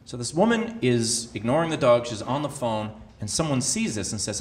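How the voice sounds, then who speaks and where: A man performing stand-up comedy, telling a story in an animated way that sometimes breaks into shouted outbursts. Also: medium pitch, moderate pace. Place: comedy club stage. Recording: roomy live club sound with audience.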